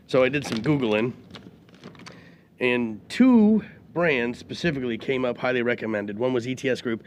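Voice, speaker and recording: A man's voice: medium pitch, fairly quick, a little hiss or hum. Easygoing male co-host with a mid-range voice who tells rambling stories. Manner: easygoing, meandering storyteller with fillers. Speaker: podcast co-host. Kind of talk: casual chat.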